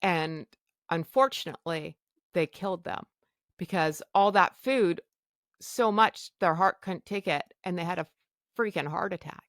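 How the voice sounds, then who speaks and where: A woman's voice: on the low side, measured pace, fairly bright tone, no echo, clean studio sound. A woman podcast host candidly telling a personal story in a blunt, self-mocking way.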